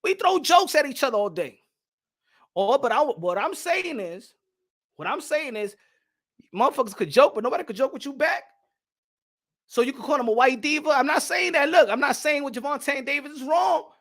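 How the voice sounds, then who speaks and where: A man rants casually, loose and profane, stumbling and restarting as he goes. His voice sits high and sounds bright and forceful. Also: animated, normal speed. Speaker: boxing podcast host. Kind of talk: casual rant.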